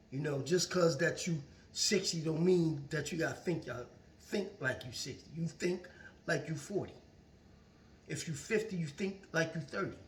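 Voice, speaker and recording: A man talks earnestly to his viewers in a casual motivational monologue, circling back to the same phrases. His voice sits on the high side and has a bright edge. The sound is roomy and distant, as if the mic is across the room. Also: a little hiss or hum. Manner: earnest and preachy, repeats phrases. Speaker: vlogger. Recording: roomy echo, far from the mic.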